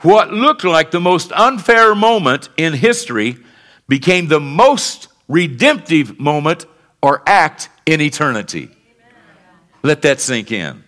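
A male pastor preaching a sermon, calling out to the congregation for responses and swinging between fervent peaks and quiet lows. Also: very animated, takes it slowly. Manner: rises to fervent emphatic peaks, then drops low and quiet.

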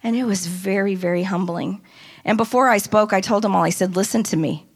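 A woman casually telling a lively story about a conference trip, often quoting people in animated voices. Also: medium pitch, a little fast, husky. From United States. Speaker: speaker recounting a women's conference trip.

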